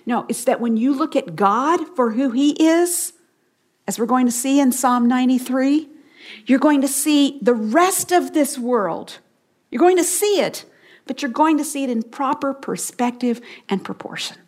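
A woman's voice: high voice, expressive, normal speed. Earnest woman teaching the Bible. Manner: earnest and emphatic, repeats key phrases, drops to a soft hush for stress. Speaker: Bible teacher and broadcast host.

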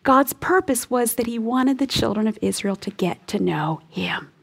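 A woman with a slightly high voice teaches scripture in an earnest, heartfelt way. She often sinks into a soft, breathy hush to stress a point. Her delivery moves between lesson and prayer. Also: expressive, moderate pace. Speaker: Bible teacher. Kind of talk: radio Bible teaching ending in prayer.

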